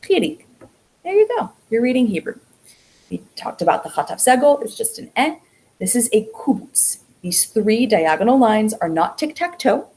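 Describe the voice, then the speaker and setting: A woman's voice: mid-range voice, mellow, poor audio. A woman teaching an online beginner language class, explaining step by step and drawing out the vowel sounds she demonstrates. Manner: drawn-out sounds when showing vowels.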